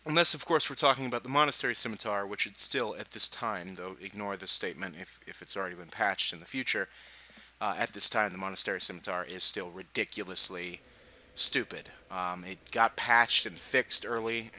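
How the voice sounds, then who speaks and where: A man's voice: low-pitched, fairly even intonation, normal speed, pushed and bright, low-quality recording. A young man giving casual gameplay commentary, chatty and laughing, with playful sarcastic asides.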